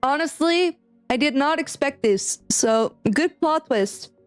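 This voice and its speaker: Sitting high in pitch and speaking expressively at a slow pace, this woman streams a visual novel with faint music in the background. She reads passages aloud and talks through her theories, punctuated by unsure little giggles.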